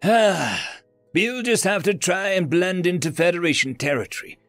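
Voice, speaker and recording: Dude doing a soft worried alien scientist, kinda gravelly, lively pitch, dry mic. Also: male voice, moderate pace, no room sound, faint music behind. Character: gentle male alien scientist, fond of his beast.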